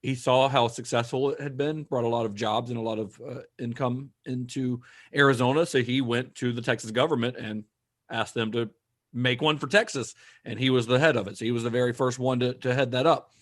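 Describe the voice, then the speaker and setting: A man hosting a podcast, recounting history in a relaxed, conversational way with some fillers. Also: mid-range voice, fairly quick. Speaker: podcast host. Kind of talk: casual chat, recounting history.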